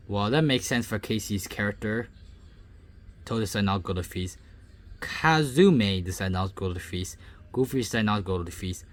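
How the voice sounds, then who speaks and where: A young man casually reading out game results and reacting with loud, surprised outbursts. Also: fairly low pitch. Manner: reads results aloud, then breaks into loud surprised outbursts. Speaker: gaming YouTuber reading a simulator.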